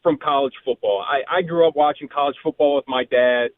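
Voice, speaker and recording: A man calling in to a sports radio show from a cell phone, sounding frustrated and apologetic, with halting restarts. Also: mid-range voice, dry recording. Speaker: caller. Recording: tinny cell phone line.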